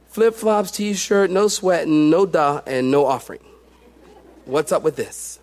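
Animated high-voiced male pastor preaching. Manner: animated storytelling, swinging between loud excitement and hushed tones. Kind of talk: sermon.

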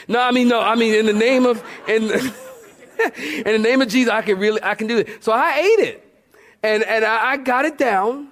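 A man preaching a sermon, telling a funny personal story and reading scripture, with lively repetition and questions to the congregation. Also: high-pitched, fairly quick. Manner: animated storyteller, repeats phrases, asks the congregation questions. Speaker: pastor.

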